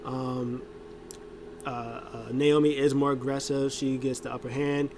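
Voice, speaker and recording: A man's voice: mid-range voice, little pitch movement, a little slow, noisy background. A man casually recapping a wrestling show, rambling with lots of fillers and acting out quotes. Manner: rambling, many fillers and restarts, acts out quotes.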